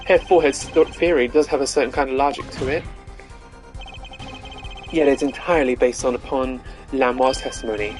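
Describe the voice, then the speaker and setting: A smooth, self-assured young prosecutor with a showman's confidence, put on by a hoarse man. He lays out each point slowly and suavely. The pitch sits in the middle, and faint music plays in the background. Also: fairly even intonation, lightly acted.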